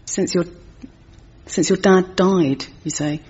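A woman's voice: lowish voice, fairly even intonation, slow, dark tone. An actress playing an earnest, talkative middle-aged woman who minds a sulky teenage boy and speaks in a carefully formal way. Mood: encouraging. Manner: prim, carefully formal phrasing. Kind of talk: sitcom acting. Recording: slightly muffled TV audio with faint crowd and noise.

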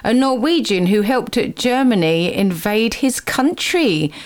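A woman's voice: fairly high pitch, sing-song, measured pace. Playful woman hosting a radio show. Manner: playful, teasing, quizzes her guests. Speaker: radio host. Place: radio studio.

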